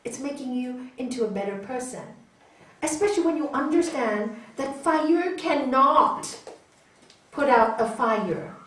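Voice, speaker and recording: A woman's voice: sits high, a little slow. A woman teaching raja yoga to an audience, telling stories and acting out quoted voices, often checking in with a questioning "hmm?". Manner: animated storyteller, acts out quoted voices, frequent "hmm?" to listeners. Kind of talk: spiritual talk to an audience. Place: hall. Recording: echoey hall, voice from a distance.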